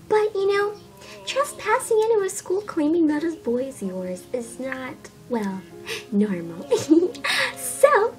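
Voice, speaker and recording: A woman voicing an earnest school counselor who coaxes a feuding mother and son in a slow, patient way. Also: very high voice, darkish tone, full character voice, poor audio.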